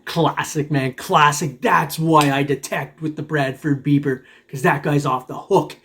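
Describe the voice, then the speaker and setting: A man's voice: on the high side, steady tone, unhurried, fairly bright tone, a little hiss or hum. A man hosting a metal detecting vlog, chatting to viewers in a loose, rambling way, chuckling often and calling everyone "man". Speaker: metal detecting channel host. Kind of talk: casual vlog chat to viewers.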